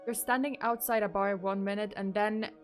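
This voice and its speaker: A woman's voice: medium pitch, steady tone, moderate pace, faint music behind, close to an everyday voice. A woman reading a nervous young lost hiker. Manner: read in the narrator's own plain voice.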